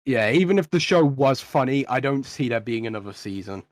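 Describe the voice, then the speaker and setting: A man's voice: mid-range voice, animated, fairly quick, no room sound. A young man co-hosting a casual podcast, ranting bluntly with plenty of swearing. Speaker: podcast co-host.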